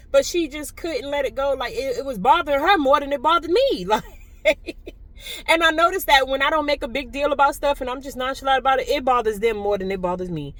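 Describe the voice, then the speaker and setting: A woman's voice: sits high, a little fast, no room sound, poor audio. Nonchalant woman telling a story. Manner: nonchalant, chatty, drifts between hushed asides and louder telling. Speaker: vlogger. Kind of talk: casual storytime vlog. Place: riding a bus.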